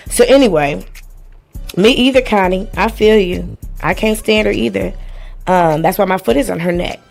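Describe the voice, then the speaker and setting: A woman hosting a live stream, reading and commenting on a lawsuit in a blunt, profane and sarcastic way. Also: mid-range voice.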